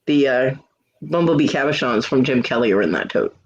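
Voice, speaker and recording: A man's voice: mid-range voice, expressive, a little fast, vocal fry. A man hosting a casual livestream chat, telling stories candidly and swearing freely. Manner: candid, swears freely, acts out quoted lines. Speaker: livestream host. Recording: dull lo-fi stream audio.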